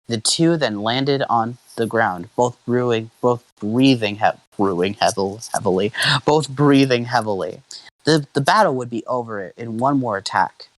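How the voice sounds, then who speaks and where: A young man reads fanfiction aloud to friends in a relaxed way, often tripping over names and starting lines again. His mid-range voice moves at a moderate pace, and the rough recording has no room sound.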